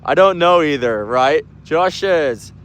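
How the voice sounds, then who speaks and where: Young man, casual livestream host, slangy and laid-back, slightly high voice, faint outdoor noise behind. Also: expressive, takes it slowly, a bit bright. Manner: laid-back, slangy, reads comments aloud. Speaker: livestream host reading chat. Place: outdoors at night on a work site.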